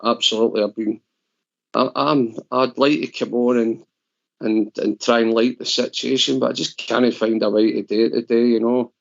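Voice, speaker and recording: A man's voice: mid-range voice, flat delivery, moderate pace, creaky. A Scottish man presenting on a call-in show, emotional and rambling. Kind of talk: casual call-in chat. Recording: dull lo-fi stream audio.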